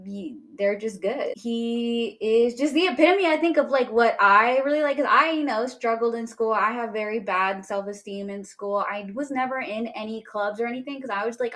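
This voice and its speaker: A young woman co-hosting a podcast in casual chat, animated and quick to act out characters' lines. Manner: animated, acts out characters' lines in quick shifts of pitch and volume. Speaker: podcast co-host.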